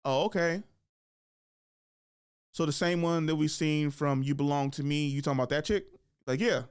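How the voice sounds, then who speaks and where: A man hosting a podcast, slangy and profane, telling animated stories and acting out quotes. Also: fairly high pitch, moderate pace, clear, resonant tone, no room sound, studio quality. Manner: animated storytelling, acts out quotes and drops into whispers. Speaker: podcast host. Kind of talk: casual podcast chat.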